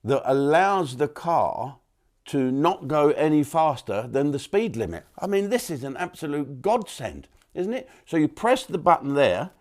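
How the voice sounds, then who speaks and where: A man's voice: a little high, big pitch swings, measured pace. A man hosting his own channel, talking through a rambling comic monologue with digressions and mock outrage. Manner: chatty, digressive, with frequent restarts and mock outrage.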